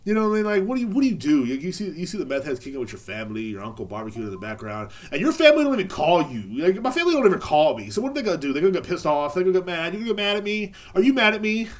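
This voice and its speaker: A man hosts a casual beer podcast and rambles through a profane, sarcastic story. His pitch jumps up and down constantly, with sudden high squeaks whenever he mimics other people. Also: wildly swooping pitch, very fast, few pauses. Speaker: podcast host.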